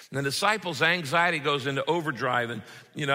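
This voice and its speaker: A man preaching a sermon as pastor, animated and acting out the disciples' voices. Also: medium pitch, fast, few pauses. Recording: reverberant hall.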